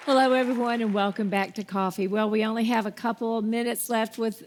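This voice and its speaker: A woman's voice: on the high side, fairly even intonation, a little fast, a faint crowd, slight background noise. A woman hosting a Christian talk show, speaking with effusive, faith-filled encouragement.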